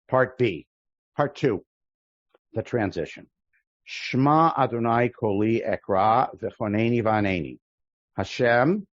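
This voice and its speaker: A man teaching a prayer-book class as a rabbi, explaining the text line by line in a thoughtful way, often pausing and restarting mid-sentence. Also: mid-range voice, dry recording, muffled recording. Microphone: video call.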